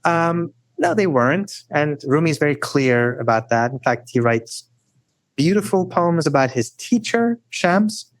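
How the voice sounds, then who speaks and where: A man telling stories as a guest scholar in a podcast interview, animated and often adding "right?". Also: measured pace, dry recording. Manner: animated storyteller, rising high for emphasis; frequent "right?" tags.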